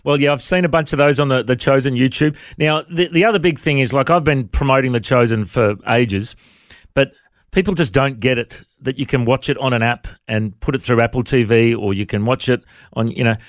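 Radio host, dry studio sound. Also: male voice, medium pitch, brisk, no echo. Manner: friendly, says mate a lot. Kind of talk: radio interview.

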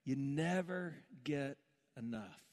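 A male pastor preaching a sermon, telling homespun stories with gentle humor. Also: medium pitch, animated, slow pace.

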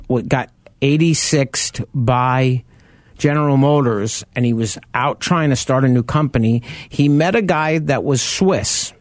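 A man's voice: mid-range voice, no room sound. A man co-hosting a radio show, telling car history in casual chat with enthusiasm. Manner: animated storyteller, tells car history with enthusiasm.

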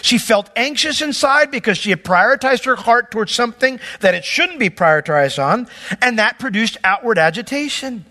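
A man's voice: very high-pitched, lively intonation, moderate pace, pushed and bright, long reverb tail. A man preaching an expository sermon, explaining scripture word by word with emphatic, conversational asides. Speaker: pastor. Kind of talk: sermon teaching.

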